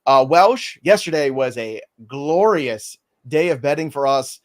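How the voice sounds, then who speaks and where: A man hosting a casual sports podcast, playful and laughing often as he runs through a quick rundown. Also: a little high, lively intonation. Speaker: podcast host.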